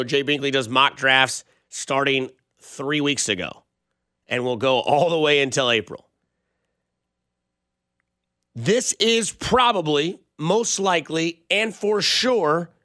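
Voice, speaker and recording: Young male sports radio host, casual and rambling, slightly higher voice, dry booth sound. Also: sharp tone, no room sound. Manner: chatty, rambling storytelling. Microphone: studio microphone.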